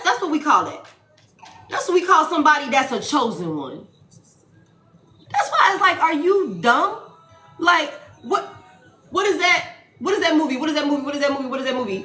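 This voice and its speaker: High-ish voiced woman doing a tarot reading, swears a lot, repeats herself, echoey room w/ faint music. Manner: animated, profane, repeats lines for emphasis. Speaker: tarot reader.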